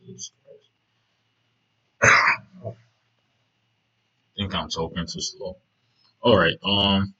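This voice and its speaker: A man's voice: sits low, flat delivery, takes it slowly, long pauses, sharp tone, breathy edge, highs cut off. A man casually talking through trading charts, rambling with many fillers and "right?" checks. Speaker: trading video host.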